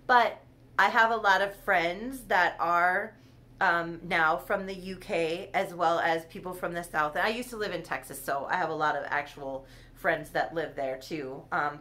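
A woman's voice: on the low side, fairly bright tone. A woman chatting casually on her own vlog, rambling and giggling as she goes. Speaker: doll collector hosting her channel.

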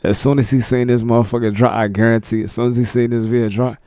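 A man's voice: medium pitch, flat delivery, quick pace, warm tone, no room sound, clean studio sound. A man hosting a casual reaction video, talking in a laid-back, slangy way and laughing often.

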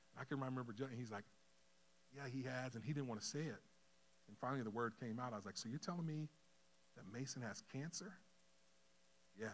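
A middle-aged man preaching a sermon, telling a personal story with acted-out dialogue, dropping to a hush and rising loud. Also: medium pitch. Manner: emotional storytelling, acts out dialogue, swings from hushed to loud. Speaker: pastor. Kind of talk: sermon testimony.

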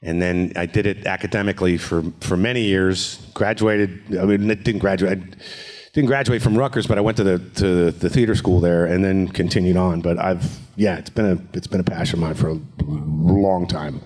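A man's voice: sits low, steady tone, moderate pace, darkish tone. A man, a voice actor talking casually on a convention panel, joking and slipping into voices. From New Jersey. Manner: jokey, slips into character voices. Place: convention stage.

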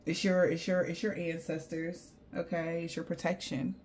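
A woman's voice: fairly low pitch, flat delivery, normal speed, darkish tone, slight background noise. Blunt, foul-mouthed woman reading tarot cards. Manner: blunt and profane, loose slangy chatter. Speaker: tarot card reader. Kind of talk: casual spiritual tarot reading to viewers.

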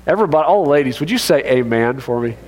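A man preaching a sermon as pastor, animated and joking in a conversational way. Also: mid-range voice, rapid-fire. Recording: long reverb of a church hall.

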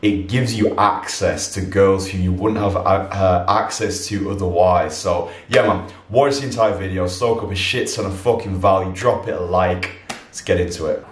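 A man's voice: deep voice, moderate pace, roomy sound. A man hosting a dating-advice vlog in a brash, slangy way. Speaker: YouTube pickup coach. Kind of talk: casual vlog intro.

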